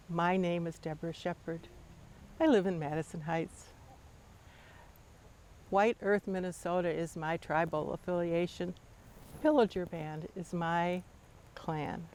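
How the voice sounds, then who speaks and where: An older woman telling a family story to her grandchildren in a measured, tender way. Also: lowish voice, a little mellow, slight background noise.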